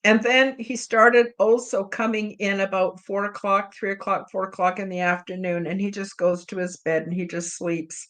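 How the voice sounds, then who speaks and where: The podcast host's mid-range, fairly bright voice keeps fairly even intonation at a normal speed with few pauses. During a live chat she shares a personal story casually and emotionally, rambling heartfeltly with many "you know" fillers.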